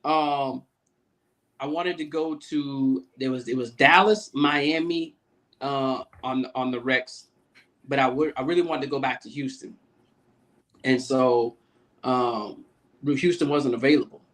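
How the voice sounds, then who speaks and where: A man's voice: medium pitch, fairly even intonation, a little slow, long pauses. A man guest on a podcast, a Navy command master chief, telling a loose, profane story and acting out the people he quotes. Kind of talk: casual storytelling interview.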